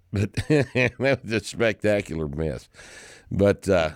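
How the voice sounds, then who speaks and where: A man in his sixties with a very low voice talks through his favorite films in a loose, rambling way, restarting his sentences often. When he gets going he turns loud and indignant. The sound is dry and close, with almost no room around it. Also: lively intonation, takes it slowly, no room sound. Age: 60s. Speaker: podcast host. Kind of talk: casual chat about movies.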